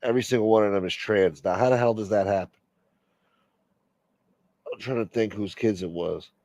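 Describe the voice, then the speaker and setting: Guy ranting on his live stream, kinda low voice, swears a lot, dry sound. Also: normal speed, a little mellow, no room sound, dull audio. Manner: rambling, profane, opinionated. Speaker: livestream host. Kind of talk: casual live-stream chat.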